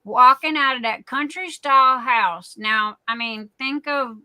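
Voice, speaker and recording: A woman's voice: high-pitched, a little slow, bright, forceful tone, clear, resonant tone, no room sound. A middle-aged woman hosting a livestream, telling rambling folksy stories in a casual chat full of fillers. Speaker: livestream host.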